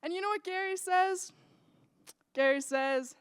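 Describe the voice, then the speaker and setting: A young woman telling a personal story in a lively, animated way that builds suspense. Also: very high voice, unhurried, long pauses, no echo, studio quality. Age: young adult.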